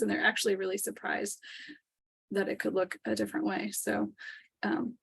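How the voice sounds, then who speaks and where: Gravelly-voiced woman host chatting candidly. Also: medium pitch, fairly even intonation, normal speed. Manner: candid, laughs often, loose and chatty with swearing. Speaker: podcast host. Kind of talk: casual conversation.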